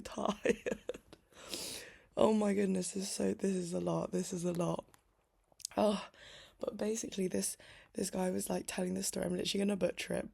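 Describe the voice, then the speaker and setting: A woman's voice: lowish voice, creaky, mellow, slightly rough. A young woman talking late at night into her laptop mic, chatty and teary, laughing often and saying "like" a lot. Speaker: vlogger. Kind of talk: late-night diary vlog.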